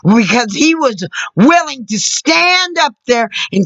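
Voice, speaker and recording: Furious American woman vlogger, bright sharp tone, dry dull recording. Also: fairly high pitch, expressive, unhurried, dry recording. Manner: furious, profane, shouting at times. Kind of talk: angry political rant.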